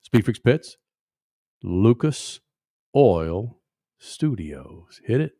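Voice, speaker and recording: A man's voice: on the low side, big pitch swings, very slow, noisy background. A man hosting a casual motorsports radio talk show from a studio, brash and flippant and swearing freely.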